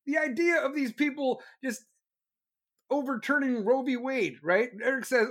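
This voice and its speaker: This is a combative livestream host ranting through political commentary, cursing freely and talking fast in bursts. Opponents get mocked in sarcastic put-on voices before the host snaps back to a blunt, scornful delivery. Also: sits high. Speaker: livestream host taking callers.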